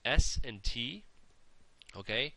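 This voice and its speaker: A man's voice: mid-range voice, expressive, slow pace, fairly bright tone. A man teaching pronunciation, patiently overemphasizing each sound in his demonstrations and checking in with "okay?" as he goes. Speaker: language teacher. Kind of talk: pronunciation lesson.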